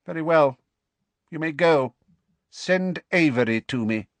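A man putting on a cruel dark lord whose voice sits high and cold, each word slow and deliberate. The delivery is dry and close, with a lively rise and fall. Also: no echo. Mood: cold menace. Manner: slow, menacing, measured.

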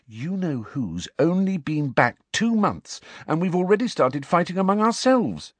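Man doing a bossy, principled teen girl in an audiobook, higher and lively, lecturing. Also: slightly rough, dry recording. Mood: earnest. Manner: earnest, lecturing, slow emphatic delivery. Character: clever, earnest teenage girl, bossy and principled.

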